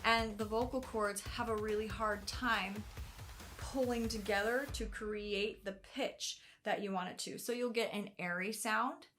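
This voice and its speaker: An American woman walks through how the voice works, her pitch sitting in the middle and her explanations loose and chatty, full of "kind of". Faint music plays quietly under her voice. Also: fairly even intonation, unhurried. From United States. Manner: casual and hedging, with many "kind of" fillers. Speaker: singing teacher. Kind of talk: explaining vocal anatomy to the camera.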